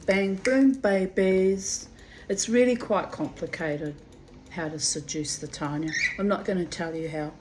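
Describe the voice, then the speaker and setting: A woman reading her old diary entries aloud and breaking off into animated, laughing, rambling asides. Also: low voice, a little hiss or hum, poor audio. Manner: animated, laughing, digressive storyteller.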